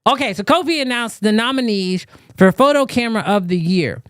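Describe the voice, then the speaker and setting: Male live-show host, high voice, dry close sound, chatty, talks to the audience. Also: expressive, a little fast, fairly bright tone, clear, resonant tone, dry recording. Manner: loose, chatty, talks straight to viewers. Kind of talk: casual live-stream chat.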